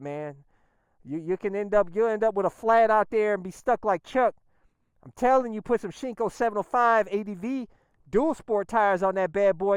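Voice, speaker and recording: Excitable slangy man riding. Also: high-pitched, clear, resonant tone, dry recording, studio quality. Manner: excitable, slangy, exclaims often. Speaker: motorcycle vlogger. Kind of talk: casual riding vlog. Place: outdoors on a motorcycle.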